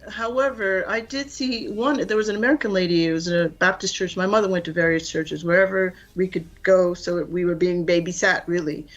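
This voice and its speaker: A woman singer being interviewed on a radio show, telling her story in a warm, storytelling manner. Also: on the low side, fairly even intonation, a little fast, hardly any pauses, highs cut off. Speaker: singer guest. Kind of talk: interview answers.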